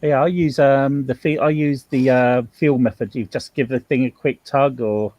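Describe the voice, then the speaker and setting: A man's voice: mid-range voice, steady tone, moderate pace, a little mellow, no echo, muffled recording. A British man in a casual group chat who talks hesitantly and stammers.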